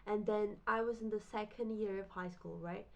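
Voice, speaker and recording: A woman's voice: medium pitch, fairly even intonation, moderate pace, vocal fry, a little mellow, dull audio. A young woman from Brazil, chatting through a casual storytime full of fillers and restarts. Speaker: vlogger.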